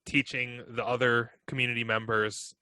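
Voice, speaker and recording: Bright-voiced male podcast co-host. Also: mid-range voice, level tone, normal speed, dry recording. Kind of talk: casual chat.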